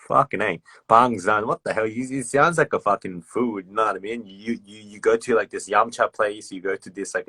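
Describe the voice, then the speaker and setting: An easygoing Australian man with a lowish voice, talking loosely and profanely on a phone livestream. The sound is close and dry, with no room around it. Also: pushed and bright, breathy edge, no room sound. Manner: loose and profane, laughing, repeats words. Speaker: livestream host chatting with fans. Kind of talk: casual livestream chat.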